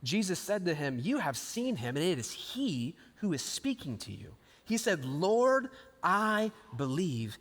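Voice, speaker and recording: A man preaching a live sermon, animated, acting out scripture quotes and swinging between loud and hushed lines. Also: high voice, unhurried. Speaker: pastor. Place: large church auditorium. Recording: live sermon with long hall reverb.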